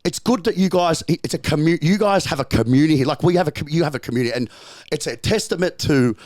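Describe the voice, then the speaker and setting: An Australian man with a fairly high, darkish voice appears as a podcast guest, spinning stories in a casual chat. His profane, emphatic storytelling comes in rapid bursts, with frequent swearing, restarts for emphasis, and repeated phrases.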